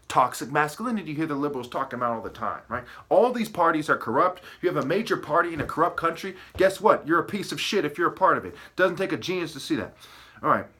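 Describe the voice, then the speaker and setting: A man's voice: on the high side, sharp tone, breathy edge. A man ranting to the camera, agitated and profane, hopping from wordplay to accusations and asking "okay?" and "right?" again and again. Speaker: video commentator.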